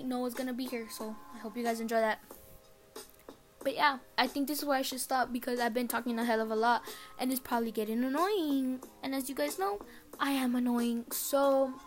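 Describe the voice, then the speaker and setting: Rambling teen girl podcaster, high voice. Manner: rambling, chatty, swears a lot. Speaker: podcast host. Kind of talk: casual solo podcast chat. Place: her bedroom.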